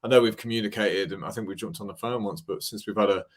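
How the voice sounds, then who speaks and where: English podcast host, banter and swearing, mate and dude every other line. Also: male voice, fairly low pitch, quick pace. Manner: banter-heavy, swears freely, calls people "mate" and "dude". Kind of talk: casual chat.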